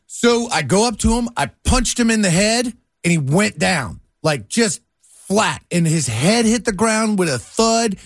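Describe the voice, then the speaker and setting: This man co-hosts a morning radio show and tells stories with plenty of drama. His voice runs notably high for a man. The studio sound is close and dry. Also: a little slow, no room sound. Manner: dramatic storyteller, shifts into excited retelling. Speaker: radio co-host. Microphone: studio microphone.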